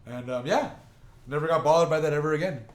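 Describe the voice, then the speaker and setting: Among friends, a young man who hosts a podcast tells a long, profane, rambling story, self-interrupting and restarting frequently. His voice is on the high side and fast, captured in an echoey room with faint ambience.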